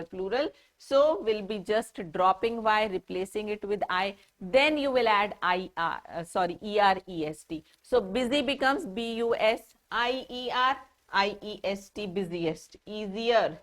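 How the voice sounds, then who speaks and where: A woman teacher with an Indian English accent explains grammar rules to children. She speaks at an ordinary mid-range pitch and spells words out letter by letter in a patient, steady way.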